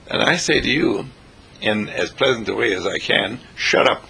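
A man delivers a rambling inspirational radio talk, repeating his phrases with theatrical flair. His voice is bright and forceful yet deeply raspy, with gravelly fry at the bottom. His pitch leaps and swoops in a very lively way. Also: normal speed. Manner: repetitive, theatrical, breaks into song snatches. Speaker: spiritual radio host.

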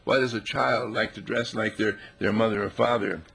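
A man giving a playful, animated spiritual talk, now and then putting on animal voices. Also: fairly low pitch, moderate pace. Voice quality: gravelly, husky.

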